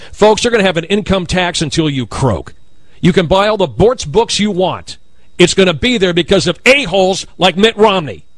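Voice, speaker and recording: A man hosting a talk radio show, ranting in a heated, combative way with sudden loud outbursts. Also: a little high, no echo. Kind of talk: opinionated talk radio rant.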